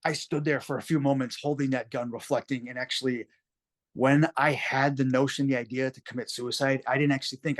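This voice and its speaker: Male interview guest, mid pitch, earnest and reflective, plain-spoken storytelling. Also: flat delivery, a little fast. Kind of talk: personal story told in an interview.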